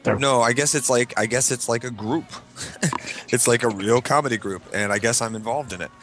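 A man talking in casual chat as a guest, hesitant and halting. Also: mid-range voice. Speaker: guest comedian.

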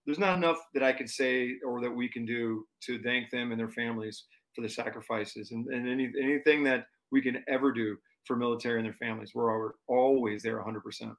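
A man telling a story in casual chat, animated and full of fillers and restarts. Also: medium pitch, brisk, hardly any pauses. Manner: animated, lots of fillers and restarts, acts out quotes. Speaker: touring performer guest.

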